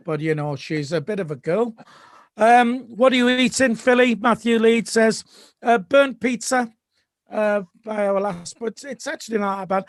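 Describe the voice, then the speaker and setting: A man with a high voice and dry, close sound, bantering on a fan stream. He jokes at his own expense and reads out viewer comments. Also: dry recording. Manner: joking, self-deprecating, reads out chat. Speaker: fan co-host. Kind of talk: casual banter.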